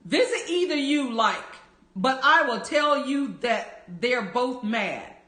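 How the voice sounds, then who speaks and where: A woman reading the part of a grinning, riddling male cat in a playful, measured storybook voice. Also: high-pitched, expressive, pushed and bright, exaggerated voice. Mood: teasing. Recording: roomy echo.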